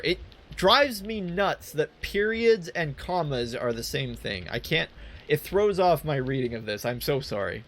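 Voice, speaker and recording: A man's voice: a little high, very animated, unhurried, fairly bright tone, slight background noise. A man hosting a let's play, chatting casually and reading game text aloud with asides.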